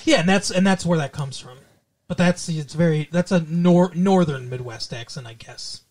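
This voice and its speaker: A man's voice: a little high, moderate pace, a little mellow. A man from Minnesota, co-hosting a podcast in casual chat, rambling with many restarts and fillers. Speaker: podcast co-host.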